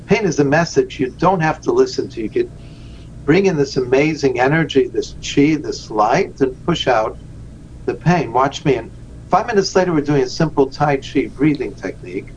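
A man, a rabbi and guest on a podcast interview, telling the story of his charity in an earnest way and slowing down for emphasis. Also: mid-range voice, expressive. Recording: dull lo-fi remote audio with faint noise.

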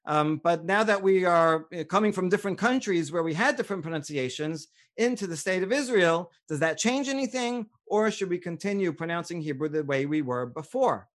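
A middle-aged man, a rabbi, lecturing on Jewish law, reading Hebrew sources aloud and explaining them in a measured way. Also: high-pitched, expressive. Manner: measured and explanatory, with frequent uh fillers.

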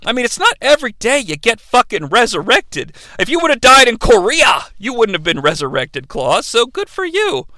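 A man hosting a comedic movie recap, joking and swearing freely in an animated rant. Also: very high voice, moderate pace, hardly any pauses, no room sound. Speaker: movie reviewer host.

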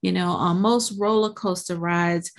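Her voice sits on the low side and moves a little slowly as she hosts a podcast. She performs an animated pep talk, dramatizing inner voices and repeatedly tossing in "right?"

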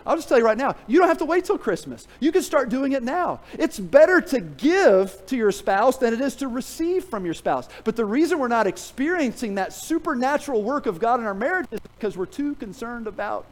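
A middle-aged man preaching a sermon in a church, telling a story with humor, then dropping to a quiet, earnest tone to drive a point home. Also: high voice, moderate pace, rough recording. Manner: animated storytelling, jokes with the congregation; drops to a quiet, earnest tone for emphasis. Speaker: pastor. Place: church sanctuary.

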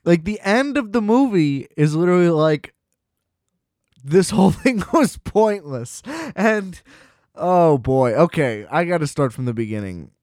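A man's voice: a little high, lively intonation, measured pace, a little mellow, dry recording, clean studio sound. A man co-hosting a casual movie podcast. He rants with a lot of swearing and laughs at his own complaints. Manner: ranting, profane, laughing at his own gripes. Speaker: podcast co-host.

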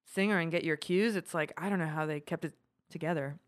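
A woman co-hosting a casual podcast, telling animated stories with swearing and laughter. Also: deep voice, a little fast, no echo. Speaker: podcast co-host. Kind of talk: casual chat.

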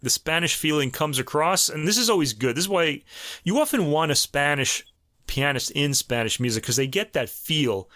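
A man's voice: a little high, lively intonation, normal speed, sharp tone, no echo, studio quality. A man with a New York accent chatting casually through a review of a classical piano album, full of fillers and restarts, as host of a show.

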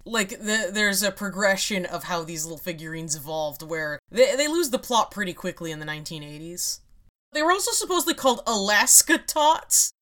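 A woman's voice: mid-range voice, sing-song, normal speed, fairly bright tone. A woman hosts a casual podcast chat. She explains her topic in a wry, rambling way, with frequent laughs. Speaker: podcast host.

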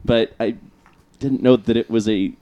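A man's voice: mid-range voice, steady tone, normal speed, mellow, highs cut off, slight background noise. A man in a casual group chat, heckling and musing.

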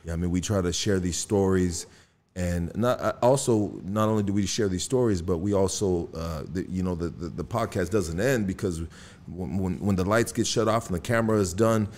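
A man's voice: sits low, moderate pace, a little mellow. A male podcast host who talks in a casual, encouraging way and calls his guest "bro" and "brother". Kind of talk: casual interview chat.

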